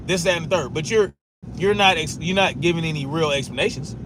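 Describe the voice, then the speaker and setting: A man's voice: fairly high pitch, a little fast, background noise. A man arguing back at chat comments during a casual live stream, profane and repeating himself for emphasis.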